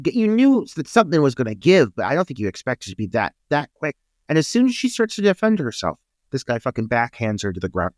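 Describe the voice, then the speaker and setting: An emphatic man whose pitch swings up and down a lot as he talks. He sounds indignant, repeats his points and swears as he discusses a film with his co-host. His voice is close and dry, with no room sound. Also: no room sound. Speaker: podcast co-host.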